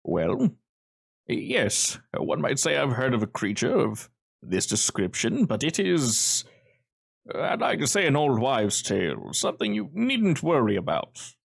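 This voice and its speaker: A man's voice: medium pitch, wildly swooping pitch, measured pace, creaky, slightly rough, full character voice. A man doing a formal, evasive village man. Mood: polite, evasive. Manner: formal, courteous, hedging phrasing.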